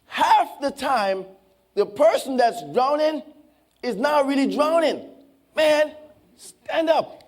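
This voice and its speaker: A man preaching a sermon as pastor in a church, slow and impassioned, with dramatic pauses. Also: very high-pitched, expressive. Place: church sanctuary.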